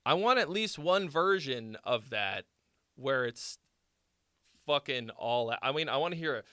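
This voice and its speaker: A man's voice: medium pitch, expressive, unhurried, sharp tone, clear, resonant tone, no room sound, clean studio sound. A man casually critiquing a listener's song as host, rambling with lots of fillers and the odd swear. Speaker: host reviewing viewer songs.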